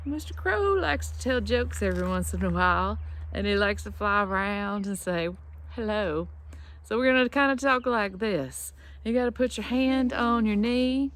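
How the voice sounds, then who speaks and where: A woman's voice: on the high side, expressive, normal speed, a bit bright. Playful sing-song woman teaching young kids. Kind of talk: children's lesson with counting games.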